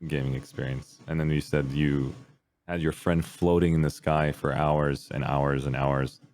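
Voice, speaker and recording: Podcast guest, male, very low voice, lively storyteller who bursts into impressions, dry close sound. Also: measured pace, no room sound. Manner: animated storyteller, acts out voices with big pitch jumps. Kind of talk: casual chat.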